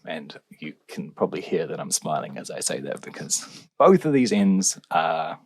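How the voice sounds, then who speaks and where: A man's voice: sits low, expressive, normal speed, vocal fry, slightly rough, no echo. A male relationships researcher, answering podcast questions in a wry, explanatory way with fillers.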